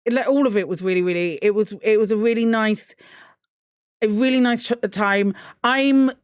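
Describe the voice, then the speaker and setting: A woman's voice: medium pitch, moderate pace, smooth, dry recording, studio quality. A woman hosting a casual podcast chat, rambling with many restarts and ums. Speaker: host.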